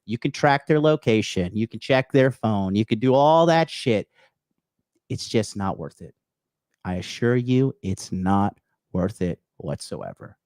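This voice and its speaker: Fairly low and expressive, a little slow and a little mellow, this man's voice comes through studio quality without echo. He hosts an unscripted livestream, bluntly and profanely advising bros on dating and reading chat messages aloud to reply.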